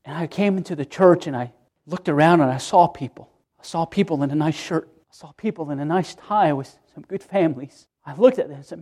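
A man's voice: on the high side, fairly quick, a little mellow. A middle-aged man, a pastor, preaching an earnest sermon in church, repeating himself and restarting phrases as he pleads with his listeners.

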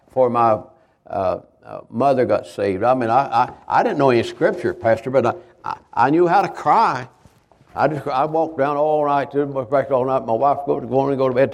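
An older man with a drawl preaching to a congregation. He talks in a halting, homespun way, stumbling and repeating words as he spins personal stories and small jokes. His voice sits at an ordinary middle pitch for a man. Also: creaky, a little mellow. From Kentucky, USA. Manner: halting, repetitive, homespun storytelling. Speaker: visiting evangelist. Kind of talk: folksy sermon testimony.

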